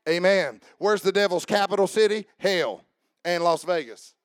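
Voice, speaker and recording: A man preaching a sermon as a pastor, building from casual asides into shouted, rhythmic climaxes. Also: high-pitched, normal speed, no room sound.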